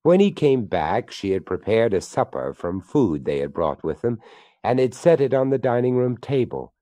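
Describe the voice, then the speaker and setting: Man reading a spooky story, voice swoops all over, dark and dry. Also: medium pitch, big pitch swings, no room sound. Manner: theatrical, slowing and hushing for suspense. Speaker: narrator.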